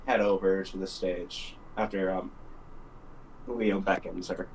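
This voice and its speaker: A man's voice: low voice, fairly even intonation, a little slow, recorded from a distance, slight background noise, low-quality recording. A man playing a tabletop game, easygoing and a little hesitant. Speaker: player. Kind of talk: casual tabletop play.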